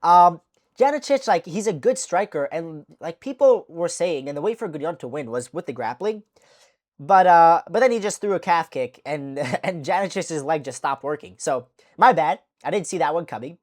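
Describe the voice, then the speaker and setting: A woman's voice: deep voice, animated, moderate pace. A woman hosting a casual fight recap vlog, talking in a profane, rambling way and correcting herself as she goes. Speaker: MMA channel host.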